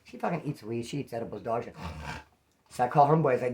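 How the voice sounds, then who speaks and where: A man telling a rough personal story in casual, profane street slang. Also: medium pitch, fast, long pauses, a little mellow. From California. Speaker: vlogger.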